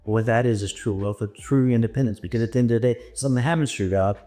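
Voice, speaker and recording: A man from Texas, a podcast guest telling stories in an animated way and acting out dialogue. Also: mid-range voice, fast, faint music behind. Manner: animated, acts out dialogue in voices. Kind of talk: storytelling anecdote.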